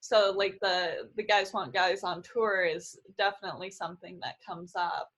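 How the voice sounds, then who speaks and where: A woman's voice: on the low side, moderate pace, poor audio. Woman, interview host, casual, lots of "kind of" and "like". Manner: relaxed, hedging with "kind of" and "like". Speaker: podcast host.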